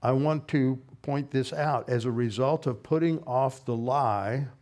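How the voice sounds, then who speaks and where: A man's voice: mid-range voice, unhurried, darkish tone. Man teaching a verse-by-verse sermon. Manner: methodical, explains Greek grammar and verse references. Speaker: pastor. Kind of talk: expository Bible teaching sermon.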